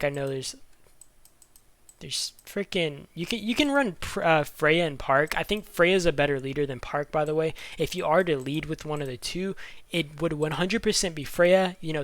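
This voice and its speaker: A man talks through game strategy in a loose, rambling way, full of fillers and self-corrections. He is audibly out of breath, his voice sits a bit high, and the sound is dry and close. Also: fairly bright tone, dry recording. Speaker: gaming YouTuber. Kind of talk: casual game strategy commentary.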